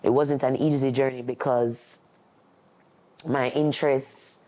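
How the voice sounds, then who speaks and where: A man, voicing a deaf guest's signed story in the first person, earnest and steady. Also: mid-range voice, slow. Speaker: sign language interpreter.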